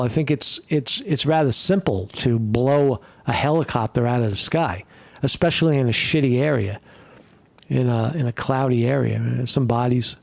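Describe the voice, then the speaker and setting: A man's voice: medium pitch, moderate pace, gravelly, no room sound. A man casually commenting on news footage in a rambling, repetitive, profane way.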